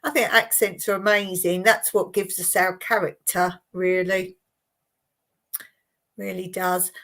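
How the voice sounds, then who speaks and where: Woman, southern English accent, slow unhurried pace, chatty live-stream host, repeats herself. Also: lowish voice, fairly bright tone. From Surrey, England. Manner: chatty, repeats words, laughs often. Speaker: livestream host. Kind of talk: casual live-stream chat.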